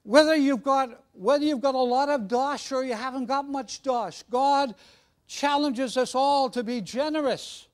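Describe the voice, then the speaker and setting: A man's voice: extremely high pitch, measured pace. A man preaching a sermon in a jovial, conversational way with frequent restarts. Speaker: guest preacher.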